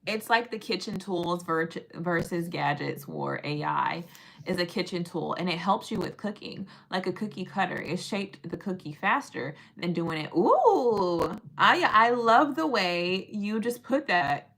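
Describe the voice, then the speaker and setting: A woman hosting a casual livestream, talking in an animated, sassy, teasing way. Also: fairly low pitch, measured pace. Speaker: livestream host.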